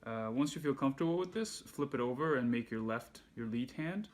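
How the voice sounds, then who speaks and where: A man giving a handpan lesson, calmly explaining and counting beats aloud. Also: medium pitch, a little fast. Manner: relaxed, patient explaining, counts beats aloud while playing. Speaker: handpan teacher. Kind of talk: music lesson instruction. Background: handpan music.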